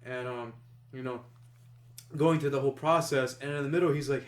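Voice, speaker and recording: A man's voice: mid-range voice, steady tone, moderate pace. A man co-hosting a podcast, telling stories in a casual, rambling way full of "like" and restarts. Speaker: podcast co-host. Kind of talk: casual storytelling chat. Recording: roomy echo.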